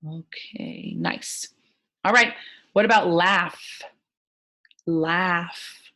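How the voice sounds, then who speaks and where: Slow, gentle woman teaching phonics. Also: lowish voice, fairly even intonation. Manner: slow, gentle and encouraging, sounding out words. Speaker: first grade teacher. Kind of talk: recorded online phonics lesson.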